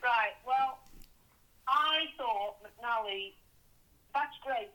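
A woman's voice: fairly high pitch, drawn-out words, pushed and bright, low-quality recording. A woman co-hosting a casual football fan chat, forthright and scornful in her opinions. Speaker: podcast co-host.

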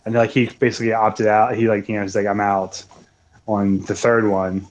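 A man's voice: on the low side, level tone, normal speed. A young man co-hosting a podcast, talking casually in a rambling way with many restarts. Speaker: podcast co-host. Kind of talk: casual chat.

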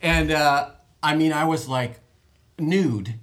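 A man's voice: on the high side, slow pace, fairly bright tone, a little hiss or hum. A man telling a rambling, self-deprecating story in casual group chat.

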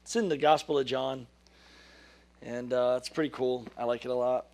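A man giving a sermon, who reads scripture slowly and then talks casually, laughing at his own corny jokes. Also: medium pitch, steady tone, darkish tone. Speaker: preacher. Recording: podcast recording of a live sermon.

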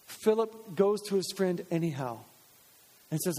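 A man's voice: sits high, animated, unhurried, dark tone. A man preaching a sermon as pastor in a church, conversational and acting out quoted voices. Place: church sanctuary. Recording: long church reverb.

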